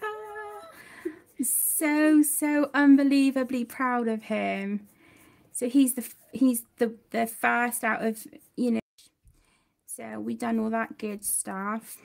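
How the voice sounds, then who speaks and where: A woman's voice: a little high, fairly even intonation, slow, vocal fry. A young woman hosting a colouring livestream from home, chatting and reading out viewer comments. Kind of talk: casual livestream chat.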